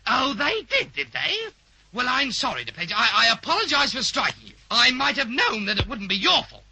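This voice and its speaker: A man's voice: sing-song, normal speed, creaky, pushed and bright, husky, exaggerated voice, low-quality recording. An actor in a vintage radio comedy playing a flustered, pompous male schoolteacher who stammers when caught out. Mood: apologetic. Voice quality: high fluttering voice, stammering. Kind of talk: 1940s radio comedy acting.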